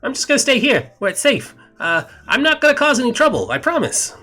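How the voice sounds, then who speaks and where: A man voicing Emerald, a small, cheeky male familiar creature who nervously tries to calm others down. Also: very high-pitched, brisk, breathy edge, soft background music, voice pushed up, full character voice. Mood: placating.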